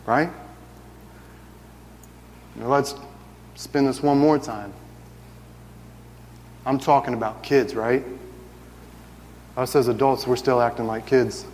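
A man in his thirties preaching a sermon, telling stories with lively acted-out voices. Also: mid-range voice, slow pace, pauses often, big-room sound, a little hiss or hum. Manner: animated storytelling, acts out family scenes.

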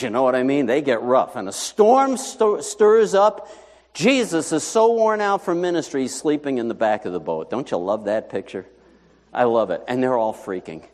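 A man preaching a sermon as pastor, in a conversational, animated way full of rhetorical questions. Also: medium pitch, in a large hall.

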